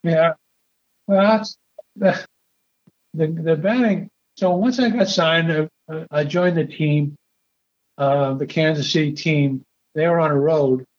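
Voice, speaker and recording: An older man being interviewed, telling a story in a halting, rambling way with repeated words. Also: a little high. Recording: dull lo-fi recording.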